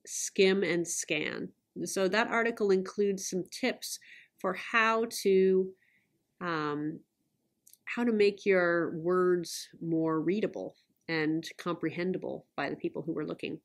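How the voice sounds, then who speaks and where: Woman presenting a lecture, lower voice. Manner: measured, explanatory, occasional self-corrections. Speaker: online course presenter. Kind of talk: recorded lecture over slides.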